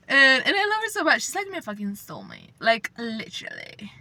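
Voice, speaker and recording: A young woman with a bright, clear voice that sits a little high, talking casually to her viewers. She rambles and swears freely, gushing with feeling, and at times drops to a hushed whisper. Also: huge pitch swings, moderate pace, hardly any pauses, dry recording. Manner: rambling, profane, effusive, slips into whispers. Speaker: channel host. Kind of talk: casual chat.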